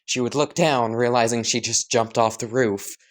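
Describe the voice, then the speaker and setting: A man's voice: mid-range voice, steady tone, moderate pace. A man casually improvising a fan story, rambling with fillers and the odd swear.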